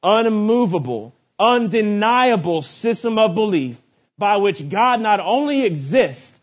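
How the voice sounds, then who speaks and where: A man preaches a sermon in a notably high voice. He swings from rising, shouted lists to quiet, low asides. The recording sounds dull and lo-fi. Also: animated, measured pace.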